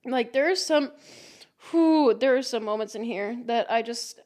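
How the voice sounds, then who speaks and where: A woman's voice: on the high side, a little slow, darkish tone. A young woman hosting a podcast, telling stories in a casual chat, swearing and laughing often. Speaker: podcast host.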